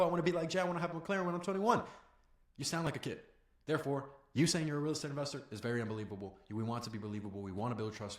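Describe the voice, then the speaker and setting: Young guy doing a sales training, fast and sweary, kinda high voice, echoey room. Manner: blunt, profane and fast-talking, with sudden loud rants. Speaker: sales coach. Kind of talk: profane motivational sales training.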